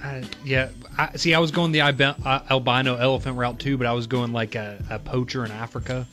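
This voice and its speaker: A man's voice: medium pitch, fairly even intonation, a little fast, pushed and bright, faint music behind. A man co-hosting a radio show, making rambling, hesitant guesses in casual banter. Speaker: radio co-host.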